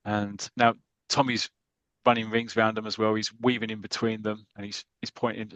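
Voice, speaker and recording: A British man on a podcast, casually retelling a football comic story with lots of fillers and quick voices for the characters. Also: on the low side, level tone, fairly bright tone, no echo, muffled recording. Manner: reads comic dialogue aloud in light voices, hesitant fillers. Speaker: podcast co-host.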